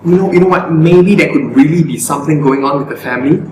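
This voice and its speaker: A man's voice: fairly high pitch, fast talker, echoey room, background noise. A man coaching on public speaking in a live Q&A, earnest and often repeating words as he finds his phrasing. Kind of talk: live stream Q&A.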